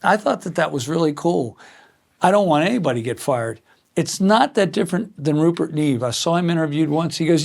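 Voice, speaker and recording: Gravelly older man telling shop stories. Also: fairly high pitch, fairly quick. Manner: animated anecdotes, acts out quoted voices. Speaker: guitar company founder being interviewed. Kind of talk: conversational storytelling.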